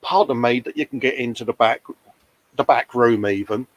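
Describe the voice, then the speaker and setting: A man hosting a relaxed live stream, reading out viewer comments and poking fun at himself, often calling people mate. His voice sits in a middling pitch and sounds close and dry, with no room echo at all. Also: normal speed. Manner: chatty, self-mocking, laughs often, calls people mate. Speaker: host of a live model-painting stream. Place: hobby workbench at home.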